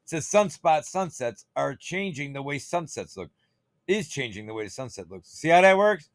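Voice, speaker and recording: Man, gravelly voice, profane rambling commentary, dry close sound. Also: on the high side, expressive, normal speed, no room sound. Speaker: channel host. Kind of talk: casual screen-share commentary.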